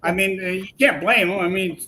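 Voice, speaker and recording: A man guest telling a long personal story in a lively, animated way, acting out the voices he quotes. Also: high voice, brisk, rough recording. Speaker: podcast guest. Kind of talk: casual storytelling.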